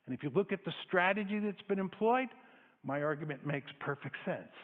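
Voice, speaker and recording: A man's voice: high-pitched, animated, a little fast. A man giving a public lecture to an audience, argumentative and emphatic, driving his points home through repetition. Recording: echoey hall over a tinny phone-like line.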